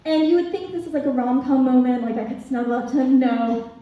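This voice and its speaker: A young woman performing a stand-up comedy set at a student club, laughing at her own jokes and filling pauses with ums. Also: high voice. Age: young adult. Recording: echoey, distant, dull room recording.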